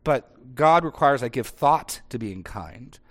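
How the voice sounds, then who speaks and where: A man preaching in a conversational, animated way, acting out short dialogues as examples. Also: medium pitch, takes it slowly. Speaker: pastor. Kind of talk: conversational sermon.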